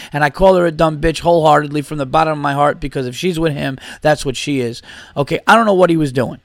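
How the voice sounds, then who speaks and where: A man's voice: a little high, no room sound, clean studio sound. A male comedian and podcast host telling a story in a casual, profane and exasperated rant.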